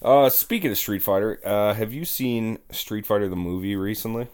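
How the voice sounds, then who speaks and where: A young man co-hosting a podcast, chatting in a wry, animated way with dry jokes. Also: lowish voice, normal speed, clear, resonant tone. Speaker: podcast co-host. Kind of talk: casual chat.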